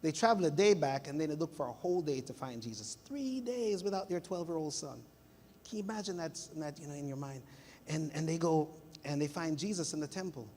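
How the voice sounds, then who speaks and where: A middle-aged pastor from Jamaica preaching with a high, bright-edged voice. He tells stories with energy and slips into voices of the people in them. His voice rings out with long reverb from the church hall. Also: fairly quick, slight background noise. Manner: storytelling, animated, acts out family voices. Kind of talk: sermon. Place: church sanctuary.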